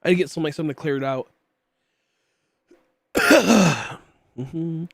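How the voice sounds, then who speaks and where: A man's voice: fairly high pitch, expressive, measured pace, creaky, fairly bright tone, no room sound, clean studio sound. A young man streaming and chatting casually with viewers, rambling with many fillers and coughing often from a tickly throat. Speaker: livestreamer.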